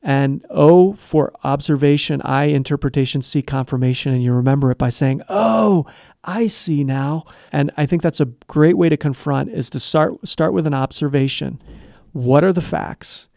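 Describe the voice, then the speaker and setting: A man's voice: fairly high pitch, moderate pace, creaky, warm tone, dry recording, clean studio sound. A middle-aged man giving Christian advice, explaining step by step in an earnest conversational way and acting out short bits of dialogue. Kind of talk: conversational teaching.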